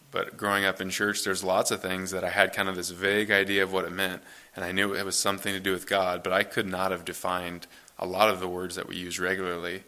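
Bright-voiced man preaching casually. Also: deep voice. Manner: conversational, relaxed, self-correcting. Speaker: pastor. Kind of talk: scripture reading then casual sermon. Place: church.

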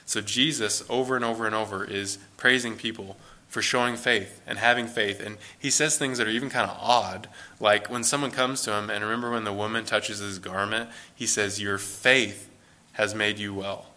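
A man's voice: fairly low pitch, fairly even intonation, a little fast, hardly any pauses, pushed and bright. A man teaching a Bible study in a loose, conversational way, thinking aloud as he reads and explains passages.

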